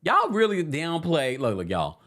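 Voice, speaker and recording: Animated chatty male live-streamer. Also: a little high, measured pace. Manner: chatty, reads viewer comments aloud, laughs often. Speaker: live-stream recap host. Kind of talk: casual live-stream chat. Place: New York City.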